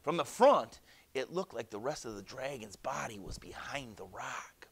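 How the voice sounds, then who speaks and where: A male teacher reads a story aloud to his class, then walks them through their assignment. His delivery is animated, and his pitch swoops widely. He breaks off often for chatty asides. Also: normal speed, breathy edge. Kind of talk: classroom read-aloud and lesson.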